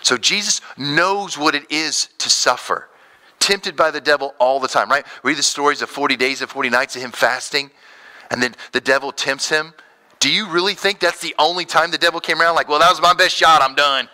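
A man in his thirties preaching a sermon as pastor, animated, acting out quoted voices. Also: a little high, fairly quick.

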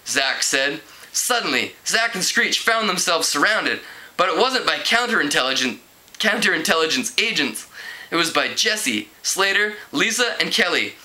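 A man's voice: fairly high pitch, big pitch swings, normal speed, sharp tone, poor audio. A man casually reading a book aloud, with small slips and restarts. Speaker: book reader.

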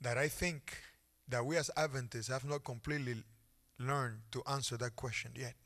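A middle-aged male pastor telling a story in a sermon with animated, dramatic delivery. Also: medium pitch, normal speed.

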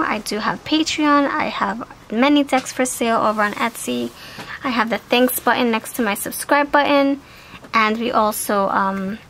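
A woman giving a casual, chatty tarot card reading, animated and talkative. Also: a little high, slight background noise, poor audio. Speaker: tarot reader.

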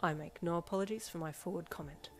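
A woman's voice: on the low side, quick pace, close to an everyday voice. A woman voicing an earnest, formal teenage schoolboy who speaks in solemn, old-fashioned phrases. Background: soft backing music.

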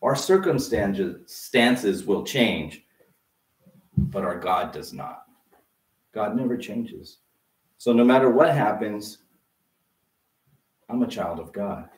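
A man preaching a sermon as pastor, lively and conversational, full of rhetorical questions. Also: fairly low pitch, slow pace, long pauses. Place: church sanctuary. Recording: roomy sound from a distance.

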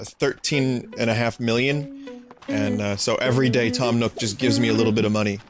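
A man streaming a life-sim game, rambling in sarcastic, profane commentary. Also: medium pitch. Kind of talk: let's play commentary. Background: game music.

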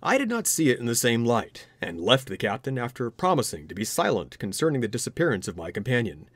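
A male narrator reads a ghost story aloud with dramatic expression. His pitch moves lively up and down, with a mid-range voice. The recording is dry and close. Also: quick pace, no room sound.

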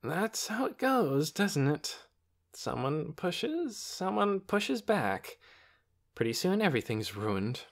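A man voicing a tired, patient middle-aged woman doctor with a weary, gentle way of speaking in an audiobook. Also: on the high side, big pitch swings, measured pace, pitched above the performer's own voice, full character voice. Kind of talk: audiobook character voice.

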